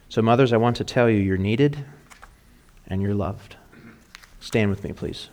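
A man's voice: on the low side, unhurried, pauses often, a little mellow. Earnest man preaching a sermon. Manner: earnest, encouraging. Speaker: pastor.

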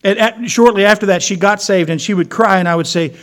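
Storytelling pastor, fairly high voice. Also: male voice, a little fast, few pauses, fairly bright tone. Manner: storytelling, acting out quoted voices. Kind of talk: sermon.

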